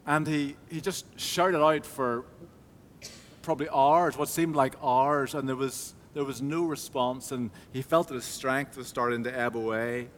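A man's voice: medium pitch, a little slow, long reverb tail, slight background noise. A man preaching a sermon, telling a story with hesitant restarts before moving into reflective teaching.

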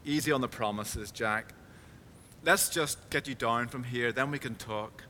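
A man doing God, calm patient male voice, quiet measured delivery, echoing hall. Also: medium pitch, slight background noise.

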